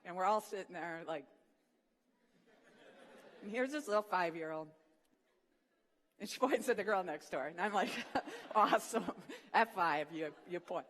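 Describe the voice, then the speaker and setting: Animated devotional speaker with a mid-range voice who acts out funny stories, recorded in a large hall with long reverb. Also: medium pitch, moderate pace, pauses often. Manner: animated storyteller, acts out the quotes. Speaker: speaker at a morning session of a Christian student program. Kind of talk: humorous storytelling devotional talk.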